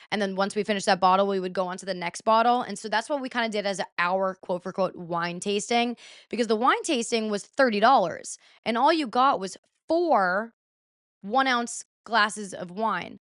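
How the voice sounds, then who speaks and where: Chatty young woman with a smooth voice. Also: mid-range voice, dry recording, studio quality. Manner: chatty, animated, heavy use of "like". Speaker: vlogger. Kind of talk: casual storytelling vlog.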